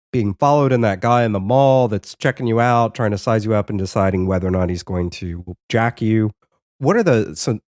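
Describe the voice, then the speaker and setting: A man's voice: on the low side, a little mellow, dry recording, studio quality. A man hosting an interview, asking curious, rambling follow-up questions that restart midway. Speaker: podcast host. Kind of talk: conversational interview.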